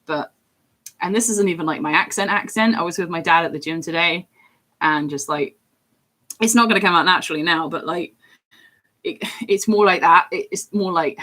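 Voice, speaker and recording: An English woman in her thirties with a deep voice, chatting casually and ramblingly on a livestream about voice acting. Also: normal speed, pushed and bright. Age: 30s. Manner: rambling and chatty, with frequent fillers and laughs. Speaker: streamer and voice actor.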